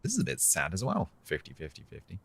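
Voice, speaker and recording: A man's voice: very deep voice, wildly swooping pitch, quick pace, vocal fry, fairly bright tone, breathy edge. A British man streaming a naval game, chatting casually with viewers in a dry, sarcastic way. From Britain. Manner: dry, sarcastic banter with chat. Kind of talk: casual live-stream chat.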